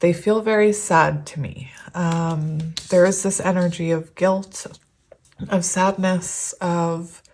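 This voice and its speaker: A woman in her thirties talks through a casual tarot reading, her voice sitting a little low. She rambles warmly and giggles often. There is a teary edge to her voice, as if she is close to crying. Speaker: tarot reader.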